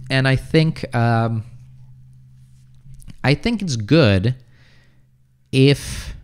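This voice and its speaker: An easygoing young American man talks through viewer questions on a livestream, pausing and restarting as he thinks. His voice sits at an ordinary middle pitch, and he speaks loosely and conversationally. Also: clear, resonant tone. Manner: relaxed, reads comments aloud then answers with many fillers and restarts. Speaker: livestream host, English teacher. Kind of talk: casual livestream chat answering viewer comments.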